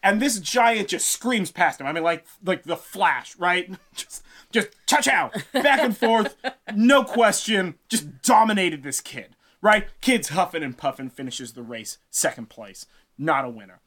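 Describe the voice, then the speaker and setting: A man's voice: sits high, expressive, a little slow, a bit bright. A man retelling a myth in a casual, slangy podcast storytelling style, laughing along. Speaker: podcast host.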